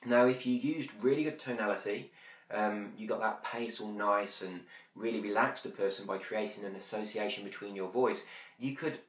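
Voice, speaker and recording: A man teaching hypnosis in a quick, chatty way with many fillers, now and then slowing to a soft, drawn-out demonstration. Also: on the low side. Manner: drops to slow whispery demonstrations. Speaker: hypnosis instructor. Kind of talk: conversational teaching. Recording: roomy echo.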